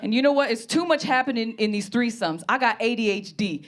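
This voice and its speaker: A woman comedian telling stories in a brash, animated stand-up set. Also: a little high, brisk, a faint crowd.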